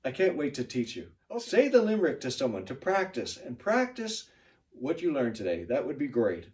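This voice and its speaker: A man's voice: mid-range voice, wildly swooping pitch, normal speed, a little mellow, far from the mic. A man teaching a class, praising students by name and giving pronunciation feedback.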